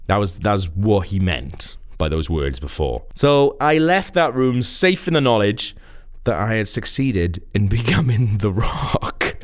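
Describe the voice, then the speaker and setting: A man's voice: fairly low pitch, very animated, a little slow. Welsh man hosting a jokey podcast. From Wales. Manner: jokey, self-mocking. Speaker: podcast host. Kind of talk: scripted podcast narration.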